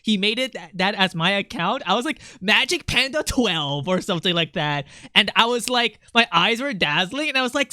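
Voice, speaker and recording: A young man chats to his viewers while he draws on stream, wandering from story to story with plenty of laughs. His voice sits high and bright. The sound is close and dry, with no room around it. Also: no echo. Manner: rambling, animated, quick to laugh, chatting with viewers. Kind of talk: casual livestream chat while drawing.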